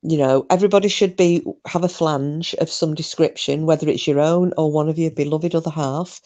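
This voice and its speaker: A woman's voice: low-pitched, fairly even intonation, a little fast, warm tone, lo-fi sound. Chatty sweary woman streamer. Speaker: live-stream host. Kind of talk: casual live-stream chat, reading comments.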